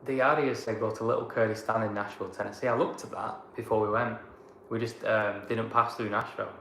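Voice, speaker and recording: A man's voice: on the low side, little pitch movement, a little fast, fairly bright tone. A man from Blackburn with a Lancashire accent, a travel vlogger casually reading out and answering viewer comments in a chatty, rambling way. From Blackburn, England. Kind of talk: casual live-chat Q&A. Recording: echoey room with background noise.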